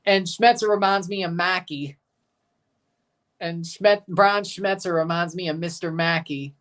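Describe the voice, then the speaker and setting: A man's voice: high voice, fairly even intonation, a little slow, fairly bright tone. A young man giving rambling, jokey live commentary while watching a match and chatting to his viewers. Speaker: watchalong streamer.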